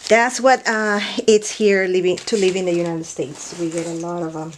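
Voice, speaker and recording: A woman chatting casually while unboxing mail, gushing and exclaiming over each item and often dropping to a soft near-whisper, indoors at night. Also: on the low side, steady tone, normal speed, slight background noise. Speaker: craft vlogger unboxing mail.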